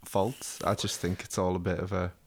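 A man's voice: sits low, flat delivery, moderate pace, a little mellow. Crude, swearing British man. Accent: British English. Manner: crude, swears a lot, laughs often. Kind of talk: casual chat reviewing a TV show.

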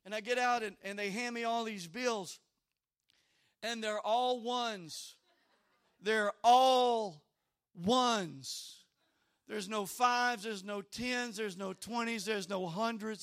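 High, bright-voiced preacher man. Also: unhurried, clear, resonant tone. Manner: animated storytelling, often repeats words. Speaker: pastor. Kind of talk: sermon with personal story.

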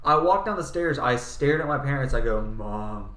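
A man's voice: a little high, animated, brisk, fairly bright tone, roomy sound. A man co-hosting a podcast in casual chat, telling stories in a loose way full of fillers. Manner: loose, filler-heavy storytelling. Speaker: podcast co-host.

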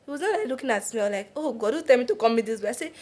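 A young Nigerian woman with a Nigerian accent tells her stories in a lively, laughing way on a casual podcast. Her voice sits a little high, and she drifts into pidgin now and then. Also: rapid-fire. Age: young adult. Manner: animated, laughing, slips into pidgin. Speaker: podcast co-host. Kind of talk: casual storytelling chat.

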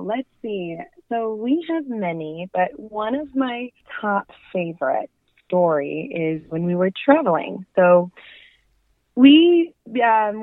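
A woman calling in by phone, telling a story with a laughing, animated delivery. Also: on the high side, dry recording. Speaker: phone caller, friend of the guest. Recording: tinny phone line.

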